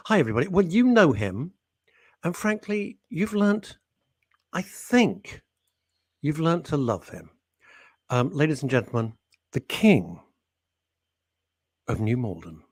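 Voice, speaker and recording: A man's voice: medium pitch, big pitch swings, measured pace, long pauses, husky, no echo, clean studio sound. A man co-hosting a radio show, sardonic and grumbling as he reads out listener messages. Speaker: radio co-host. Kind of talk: casual radio banter. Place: radio studio.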